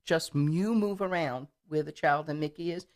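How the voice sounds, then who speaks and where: A woman's voice: deep voice, moderate pace. Middle-aged woman guest chatting away in a studio, lots of um and uh, repeats herself. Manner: warm storyteller, repeats words, many fillers. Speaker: political candidate, guest. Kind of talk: casual interview storytelling.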